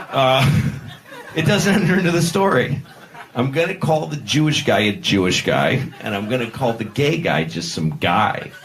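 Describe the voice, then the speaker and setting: A man doing a stand-up comedy set, rambling and breaking off mid-sentence, acting out characters with sudden shouts. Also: medium pitch. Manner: rambling, self-interrupting, acts out characters with shouts. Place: comedy club stage with audience. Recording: noisy live club recording.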